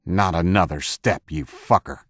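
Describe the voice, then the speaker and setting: A man's voice: deep voice, measured pace, a bit bright, husky, no echo, studio quality, heavily acted. A man doing a sneering gunman. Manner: sneering, mocking. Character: menacing young male zealot gunman.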